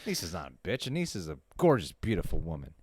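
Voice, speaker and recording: A man's voice: low voice, wildly swooping pitch, fast talker, darkish tone, dry recording. A man co-hosting a casual livestream chat, who laughs a lot and swears freely. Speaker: co-host.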